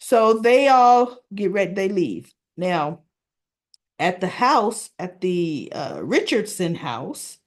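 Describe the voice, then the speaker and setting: A chatty woman recaps a soap opera episode in loose, casual talk. She jumps into a higher voice whenever she acts out the characters' lines. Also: sing-song, takes it slowly. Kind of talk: casual chat retelling an episode.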